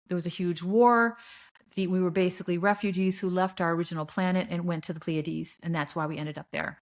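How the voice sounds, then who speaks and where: A middle-aged woman hosting a podcast, speaking a solo spiritual monologue in an earnest, searching way, often restarting her sentences. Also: fairly low pitch. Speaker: podcast host.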